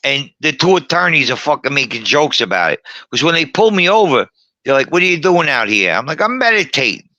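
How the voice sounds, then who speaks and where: A middle-aged man holds court with boastful, profane stories, his voice bright and forceful and his pitch leaping around. He gets combative when challenged. The sound is dry and close. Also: very animated, quick pace, no echo, muffled recording. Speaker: guest storyteller. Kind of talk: rowdy bar-room storytelling.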